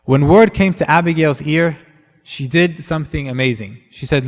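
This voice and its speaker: A man's voice: a little high, moderate pace, big-room sound. A man preaching a sermon in a conversational way, with many fillers and restarts.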